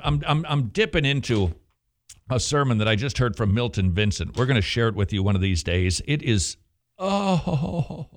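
A man hosting a Christian radio talk show, chatting casually and drifting into passionate preaching. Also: mid-range voice. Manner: animated, teasing, slips into sermon cadence.

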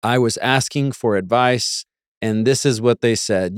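A man's voice: medium pitch, unhurried, clean tone, no echo, clean studio sound. A man hosting a talk show in a casual monologue, with wry, sarcastic asides and mock voices for quotes. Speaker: podcast host.

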